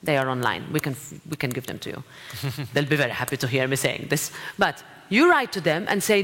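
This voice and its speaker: A woman's voice: deep voice, lively intonation, fairly quick, few pauses, fairly bright tone. A woman giving a speech and answering an audience, direct and encouraging, with asides to the crowd. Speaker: president of a parliament, guest speaker. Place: lecture hall. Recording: long hall reverb.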